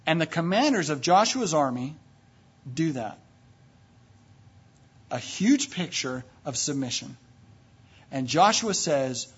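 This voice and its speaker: A man preaching a sermon, emphatic, swinging from low and quiet to loud and high, retelling scripture stories. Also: sing-song, takes it slowly, long pauses, slightly rough. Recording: dull lo-fi recording.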